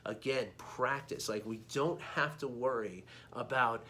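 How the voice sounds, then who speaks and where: A man's voice: mid-range voice, unhurried, bright, forceful tone. Man coaching, ending points with "right?". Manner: conversational, keeps adding a questioning "right?". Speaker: meditation coach. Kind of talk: informal teaching monologue.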